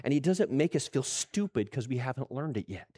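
A middle-aged man preaching a sermon, animated, acting out quoted voices and restarting his words. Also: medium pitch, brisk, breathy edge. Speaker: pastor.

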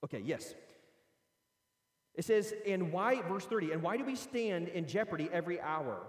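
A man delivers a sermon with a high, ringing voice. He swings from loud proclamation down to quiet, low asides. The sound is roomy, with a long hall reverb trailing each phrase. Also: expressive, moderate pace. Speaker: pastor.

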